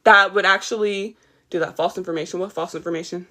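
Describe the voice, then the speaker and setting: A woman's voice: fairly low pitch, steady tone, quick pace, bright, forceful tone. Woman, livestream host, heated rant, a little tired, repeats points, greets chat. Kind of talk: casual ranting livestream.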